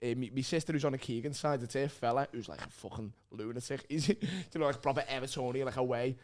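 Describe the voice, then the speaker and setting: A man's voice: medium pitch, fast, darkish tone. A man with a Liverpool accent, a guest comedian telling stories in casual chat, laughing and swearing as he goes.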